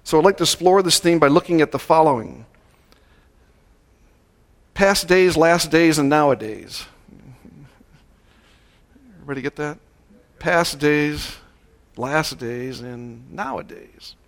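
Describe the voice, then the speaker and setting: Man preaching a slow, measured sermon. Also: fairly high pitch. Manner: measured, slowing down to stress key words. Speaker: pastor. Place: church service.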